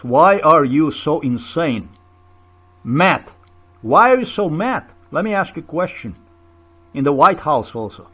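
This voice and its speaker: A man's voice: fairly high pitch, very animated, unhurried, a bit bright, husky. A man in a confrontational, repetitive video rant, full of rhetorical questions and swearing. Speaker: vlogger. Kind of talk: angry personal video rant.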